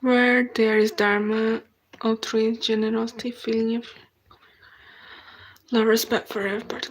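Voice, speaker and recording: A Brazilian woman whose first language is Portuguese, hosting a casual live stream in halting English, reading viewer comments aloud and answering them. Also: fairly high pitch, completely flat delivery. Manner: unhurried, halting non-native English with frequent restarts.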